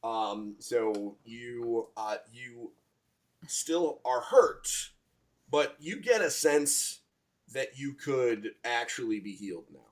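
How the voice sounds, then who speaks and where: A man's voice: mid-range voice, lively intonation, takes it slowly. A man narrating as game master, hesitant and searching for his words.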